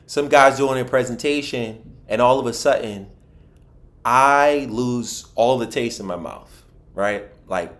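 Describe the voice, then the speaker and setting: Podcast guest: a man from Philadelphia telling his life story, mid-pitched, animated, lots of restarts. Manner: animated storyteller, acts out what others said, frequent restarts. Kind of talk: personal storytelling in a podcast interview.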